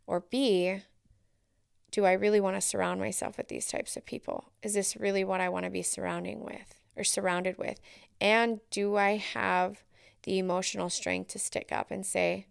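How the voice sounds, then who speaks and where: Woman, solo podcast host, earnest, thinking aloud, gravelly, dry close sound. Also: mid-range voice, measured pace, no room sound.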